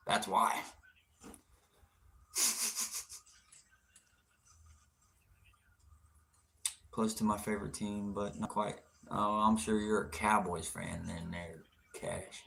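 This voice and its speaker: A man's voice: fairly low pitch, lively intonation, drawn-out words, vocal fry, long pauses, fairly bright tone, a little hiss or hum. A young man hosting an outdoors livestream, answering viewer comments in a brash, teasing, profane way with frequent laughter.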